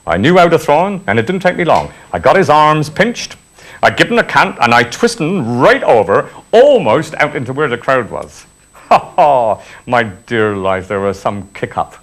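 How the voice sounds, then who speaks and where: A man's voice: mid-range voice, very animated, normal speed. A man, telling an old reminiscence in broad dialect with chuckles. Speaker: storyteller. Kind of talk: spoken reminiscence, folk tale.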